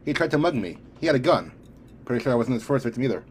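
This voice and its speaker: A man's voice: medium pitch, very animated, very fast, a little hiss or hum, lightly acted. A man voicing a cocky young male superpowered rogue in an audiobook reading, sarcastic and defensive.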